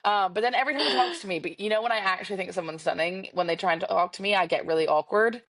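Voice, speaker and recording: A woman's voice: medium pitch, quick pace, no echo. A woman, telling a dating story as a podcast co-host and acting out the quoted dialogue. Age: 20s. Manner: chatty, animated, acts out quoted dialogue. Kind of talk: casual storytelling chat. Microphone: video call.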